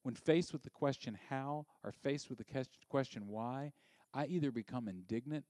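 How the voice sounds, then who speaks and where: A male pastor preaching a sermon. He is animated and sometimes drops to a hushed near-whisper for emphasis. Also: mid-range voice, moderate pace, few pauses, dry recording.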